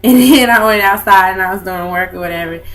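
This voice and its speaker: A woman's voice: medium pitch, fast, fairly bright tone. Young woman, casual vlog chatter, rambling, faint music behind. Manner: chatty, rambling, lots of fillers. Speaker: vlogger. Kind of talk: casual chat to camera.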